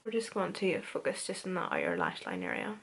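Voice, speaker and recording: A woman's voice: lowish voice, wildly swooping pitch, fairly quick, vocal fry, slightly rough. A young woman with a Northern Irish accent chats her way through a makeup tutorial. She talks in a casual, self-deprecating manner, like she's catching up with a friend. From Northern Ireland. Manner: chatty, self-deprecating, says "wee" a lot. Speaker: beauty vlogger.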